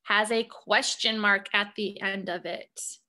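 A woman teacher walking young students through a punctuation lesson, reading sentences aloud slowly and asking prompting questions. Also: medium pitch, steady tone, bright, forceful tone.

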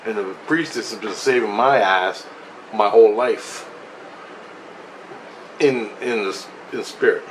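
A man telling a rambling, profane story in a casual vlog, getting excitable as he goes. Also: lowish voice, unhurried, long pauses, background noise. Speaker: vlogger.

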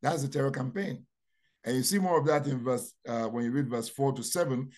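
A man preaching a sermon, repeating key phrases and asking rhetorical questions, dropping to quiet asides then rising to loud proclamations. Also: fairly even intonation, fairly quick. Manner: dramatic, swings from low asides to loud proclamations.

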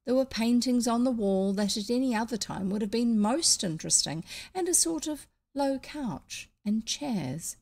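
Gravelly-voiced woman reading a storybook aloud. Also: a little high, lively intonation, normal speed, darkish tone. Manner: chatty and easygoing between passages. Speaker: reader of a children's novel. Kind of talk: reading aloud with casual asides.

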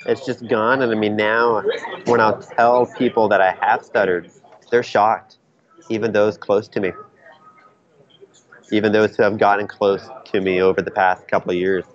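A man in his twenties from Texas, a Bible teacher, speaking calmly as a guest in an interview over a video call. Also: fairly low pitch, moderate pace. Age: 20s. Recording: muffled video call audio.

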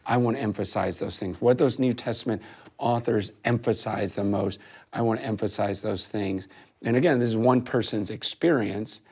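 A man's voice: mid-range voice, darkish tone. A man as a guest in a round-table discussion, asking searching questions tentatively, with many fillers and restarts.

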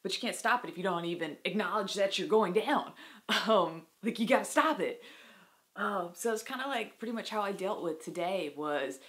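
A woman vlogger talking candidly to camera, halting, with many fillers and restarts. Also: mid-range voice, lively intonation, fairly bright tone. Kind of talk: candid personal talk to camera.

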